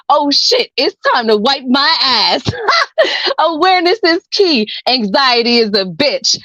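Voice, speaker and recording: A woman's voice: fairly high pitch, fairly bright tone, dry recording, lo-fi sound. A woman performing a spoken word poem over a video call, laughing between lines and swearing freely, then chatting casually. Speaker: open mic poet.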